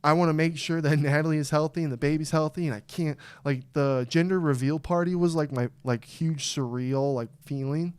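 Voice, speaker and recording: Young male podcast co-host, smooth resonant voice, casual and rambling, prone to loud fired-up outbursts. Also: fairly quick, few pauses. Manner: excitable, swings from low mumble to loud outbursts. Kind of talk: casual chat.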